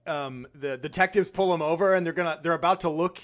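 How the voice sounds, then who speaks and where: Man, high voice, young adult, podcast co-host, casual movie chat, laughs a lot, silly voices for quoted lines. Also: fast talker.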